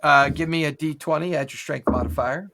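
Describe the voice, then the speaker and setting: A man's voice: fairly high pitch, fairly even intonation, fairly quick, creaky, noisy background. A man narrating a tabletop game as game master, describing the action in a cinematic way with casual fillers.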